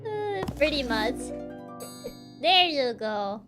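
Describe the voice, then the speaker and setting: A woman's voice: sits high, big pitch swings, takes it slowly, over music. A woman streamer giving casual, giggly game commentary, playful and laughing often.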